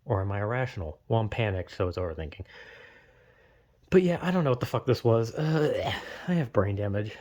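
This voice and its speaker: A man's voice: on the low side, very animated, brisk, darkish tone. A young man in a casual, rambling solo monologue, stumbling over words, swearing freely and acting out imagined voices. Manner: rambling, self-interrupting, swears often, acts out imagined voices. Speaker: vlogger.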